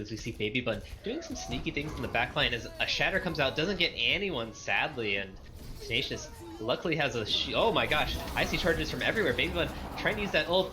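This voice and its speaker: A man calling live esports play-by-play with quick bursts of excitement. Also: mid-range voice, background noise.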